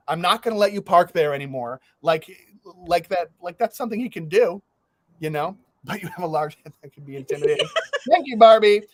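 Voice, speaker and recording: Brief: male podcast host, younger adult, lively storyteller with a slightly raised pitch, dry close mic. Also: no room sound. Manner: animated, laughs through his stories, swears freely. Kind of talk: casual storytelling chat.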